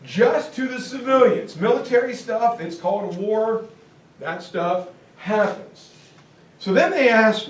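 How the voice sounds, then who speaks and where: High-voiced joking male lecturer, echoey room. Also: unhurried. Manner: animated, joking, slips into comic voices. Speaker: history teacher. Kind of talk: jokey classroom lecture. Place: classroom or hall. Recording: echoey room, far from mic, faint hiss.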